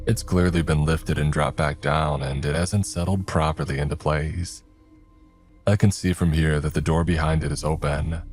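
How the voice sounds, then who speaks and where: A man telling a scripted first-person horror story, grave and steady, with stern lines of dialogue. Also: very deep voice, normal speed, faint music behind.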